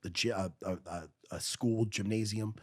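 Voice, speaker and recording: A man's voice: lowish voice, steady tone, normal speed, breathy edge. A middle-aged man, telling a blunt, profane story as a guest in a podcast studio. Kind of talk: storytelling in conversation.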